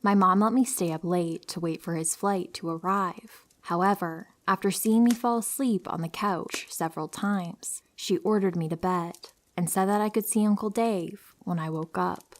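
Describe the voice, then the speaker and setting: A woman calmly narrating true horror stories, softly dropping into whispers at tense moments. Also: lowish voice, moderate pace, few pauses. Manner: calm, soft-spoken, dipping into whispers for tense moments.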